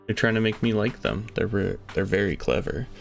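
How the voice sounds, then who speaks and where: A man narrating a dark first-person story in a hushed, brooding, confessional way. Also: on the low side, brisk, vocal fry. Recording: soft music behind.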